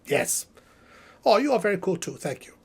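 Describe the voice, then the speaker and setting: A man's voice: high-pitched, normal speed, vocal fry, breathy edge, exaggerated voice. A man voicing a theatrical, self-important male puppet professor hosting a live stream Q&A, rambling and breathless. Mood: chatty. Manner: animated, theatrical, rambling asides. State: out of breath, exhausted. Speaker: puppet host.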